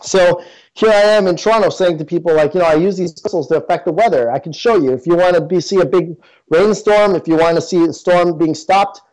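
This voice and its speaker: Man, slightly raised pitch, casual earnest interview talk, lots of ums and restarts. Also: fairly quick, darkish tone, low-quality recording. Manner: earnest, with many fillers and restarts. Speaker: guest. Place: in Toronto.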